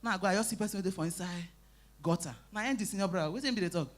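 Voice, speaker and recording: This woman, speaking in a Nigerian Pidgin accent with a medium pitch and very fast delivery, performs stand-up live at an event. She tells stories with energy, bursts into shouting and acted lines, and ribs the audience.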